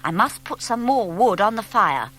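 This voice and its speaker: A woman playing a cheerful, confident young boy scout who talks briskly and bossily. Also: medium pitch, sing-song, fairly bright tone. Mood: jolly.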